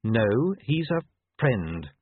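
Male reader plays a blunt young werewolf woman, dry and sarcastic; tinny, husky lo-fi take. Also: mid-range voice, big pitch swings, extremely slow, no room sound, heavily acted. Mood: sardonic.

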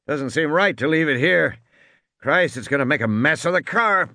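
A man's voice: a little high, lively intonation, moderate pace, sharp tone, no echo, voice pushed up. A man voicing a tough, terse game warden who speaks in clipped, blunt orders. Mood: urgent.

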